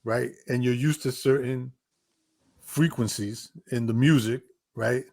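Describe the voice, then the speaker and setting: A man's voice: mid-range voice, steady tone, unhurried, gravelly, a little mellow. A man hosting a casual interview, agreeable and curious, often answering "right, right".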